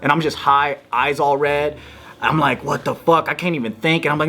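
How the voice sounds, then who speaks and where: A man telling a story in casual chat, animated, swearing freely and acting out quotes in a raised voice. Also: fairly quick. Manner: animated, swears a lot, acts out quotes in a higher voice. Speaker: podcast guest.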